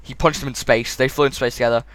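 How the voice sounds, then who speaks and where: A man's voice: medium pitch, steady tone, quick pace, fairly bright tone. A man reviewing a film in casual chat. He is blunt and mocking, and he steers the discussion.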